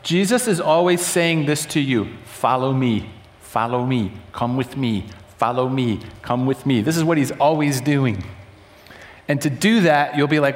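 A man's voice: on the high side, a little slow. A man leading an interactive church teaching session, questioning the audience, repeating their answers and leading prayer. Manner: conversational, asks the room questions, repeats answers back. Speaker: church workshop leader. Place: large hall with audience and box seats. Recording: echoey hall.

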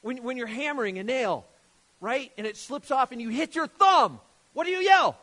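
High-voiced man preaching animatedly. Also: moderate pace. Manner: animated, emphatic, rhetorical questions to the audience. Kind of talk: sermon with scripture reading.

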